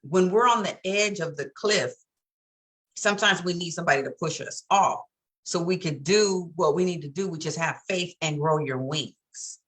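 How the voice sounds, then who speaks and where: A woman's voice: fairly low pitch, normal speed, a bit bright. A woman co-hosting a casual chat, telling her story candidly and laughing often. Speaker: co-host.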